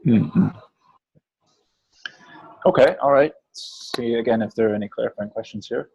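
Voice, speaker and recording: A man's voice: mid-range voice, moderate pace, vocal fry, warm tone, breathy edge, dry recording, highs cut off. A man leading a meeting in casual talk, hesitant, with many fillers and hums. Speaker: meeting facilitator.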